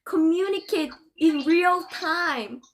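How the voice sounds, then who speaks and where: A woman's voice: very high-pitched, takes it slowly. A young woman from Korea, Korean her first language, chatting in English on a livestream and laughing often between words. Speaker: livestream host. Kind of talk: casual livestream chat.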